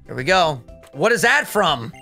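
A young man giving casual gameplay commentary as a co-host, excitable and teasing, laughing often. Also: fairly high pitch, measured pace, faint music behind. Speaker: co-host of a gaming series.

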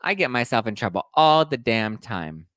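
A man hosting a reality TV gossip podcast in a sassy, animated, self-deprecating way. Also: medium pitch, moderate pace, no echo. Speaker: podcast host. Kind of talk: casual reality TV gossip recap.

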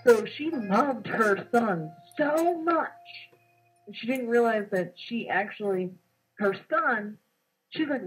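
Recounting her dream in casual conversation, a young female co-host tells it with animation and performs the quotes. She has a mid-range voice with a breathy edge and a measured pace. Soft music plays behind her, and the audio is poor.

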